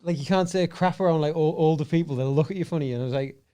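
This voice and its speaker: A man's voice: on the high side, quick pace, warm tone. Young teesside guy on a podcast, rambly, swears a lot, like like like. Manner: rambling, sweary, with many "like" fillers. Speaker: podcast guest. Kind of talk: casual podcast chat.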